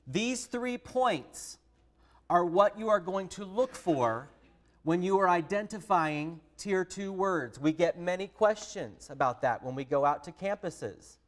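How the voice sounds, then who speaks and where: Texan male teacher trainer, slightly high voice, friendly and direct with the room. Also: expressive, a little slow. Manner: friendly, direct, addresses listeners as a group. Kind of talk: professional development lesson.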